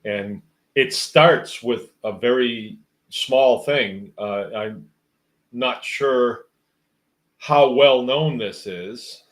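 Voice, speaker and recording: A man's voice: mid-range voice, very slow, pauses often. A man hosting a livestream, reading out viewer comments and musing in a rambling, wry, casual way. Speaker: host.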